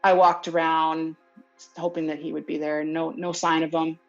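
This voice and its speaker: Interviewee, female, lower register, lively first-person retelling, muffled lo-fi recording. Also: moderate pace, faint music behind. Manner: lively retelling, acts out other people's lines. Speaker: interviewee recounting events. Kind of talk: casual storytelling interview. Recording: dull lo-fi recording.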